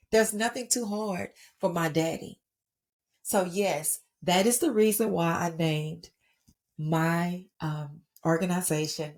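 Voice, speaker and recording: A woman's voice: on the low side, darkish tone. A middle-aged woman from Texas with a Texan accent, founder of a ministry, giving an earnest, conversational inspirational faith talk and often checking in with her listeners.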